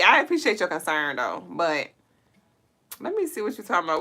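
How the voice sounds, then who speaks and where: A woman's voice: lowish voice, huge pitch swings, a little fast, sharp tone. A woman hosting a casual livestream, reading out viewer comments and talking straight to her chat in a loose, playful way, with speech.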